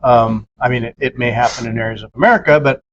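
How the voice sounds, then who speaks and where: A man's voice: medium pitch, fast talker, fairly bright tone, highs cut off. A man in casual podcast chat, rambling with many fillers and acting out quoted dialogue in a raised voice. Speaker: podcast co-host.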